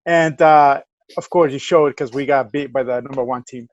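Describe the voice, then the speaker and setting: A man's voice: mid-range voice, normal speed, muffled recording. A man co-hosting a casual remote podcast, telling a rambling story full of fillers and restarts. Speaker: podcast co-host. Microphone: remote call mic.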